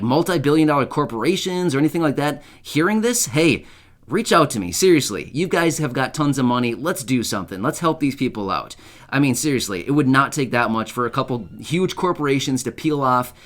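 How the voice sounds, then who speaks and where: An earnest man speaks straight to his audience in a casual, heartfelt way. His voice sits in a middle pitch, and he loops back on his thoughts with plenty of fillers. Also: fairly bright tone. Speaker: channel host. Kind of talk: casual to-camera talk.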